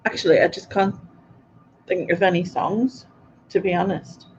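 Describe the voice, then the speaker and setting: A woman's voice: lowish voice, steady tone, normal speed, a little mellow, slight background noise. A woman hosting a livestream in a casual chat, giggling often between remarks. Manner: giggly, chatty, laughs often. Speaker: livestream host. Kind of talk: casual chat reading live comments. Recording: dull lo-fi stream audio.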